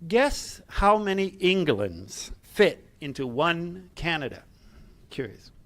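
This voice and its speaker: Middle-aged man, speech at a gathering, earnest with light asides, voice a bit high. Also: big pitch swings, slow pace, fairly bright tone. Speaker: speaker at a political gathering. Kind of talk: reading a prepared speech to a live audience.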